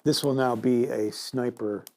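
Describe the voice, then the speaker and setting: A man acting as game master in a tabletop role-playing game, calmly explaining rules and describing scenes. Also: mid-range voice, unhurried.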